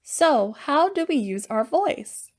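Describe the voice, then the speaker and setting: A woman narrating a children's lesson on voices, gentle and encouraging. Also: high-pitched, big pitch swings, slow pace.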